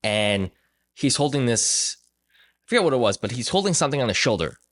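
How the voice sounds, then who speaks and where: Young man, podcast host, animated storyteller, casual chat, mid-pitched voice. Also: brisk.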